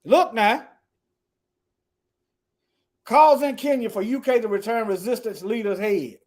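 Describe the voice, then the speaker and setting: A man giving casual commentary while reading news articles aloud. He talks emphatically, repeats phrases and stumbles over words, and mutters quietly to himself between points. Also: sits high, measured pace. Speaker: political commentator.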